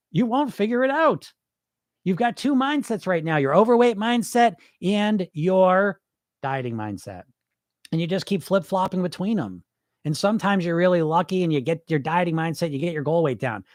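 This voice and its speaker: A man delivers a blunt, profane coaching rant, his fairly high voice swinging widely as he fires off rhetorical questions. The sound is close and dry, with no room around it. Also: lively intonation, normal speed, dry recording. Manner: mimics listeners' excuses mid-rant. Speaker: podcast host, weight-loss coach. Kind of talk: solo podcast monologue.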